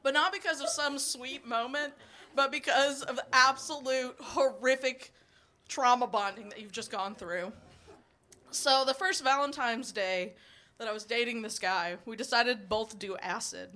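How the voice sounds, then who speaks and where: A woman's voice: on the high side, unhurried, bright, forceful tone. A woman in her twenties performing a stand-up comedy set, telling blunt, profane stories, chuckling between lines and rambling with fillers when she loses her place.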